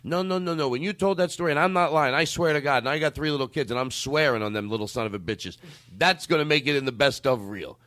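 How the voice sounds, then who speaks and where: A man's voice: fairly high pitch, fast talker, hardly any pauses, fairly bright tone. A man hosting a loose comedy podcast, rambling and poking fun at himself, now and then breaking into crooning. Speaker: podcast host.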